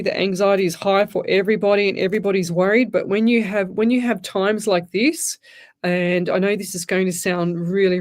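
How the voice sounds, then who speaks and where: A woman's voice: medium pitch, a little mellow. A woman hosting a live psychic radio show, chatty and emphatic, rambling with restarts, recorded on a studio microphone. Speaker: psychic medium radio host. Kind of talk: live radio call-in readings.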